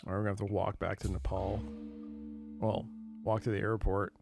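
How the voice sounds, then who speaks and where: A man's voice: fairly low pitch, level tone, moderate pace, gravelly, music in the background. A tired man streaming a retro game, chatting casually and yawning often between comments. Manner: drowsy, yawning, chatty asides. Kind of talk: casual let's play commentary.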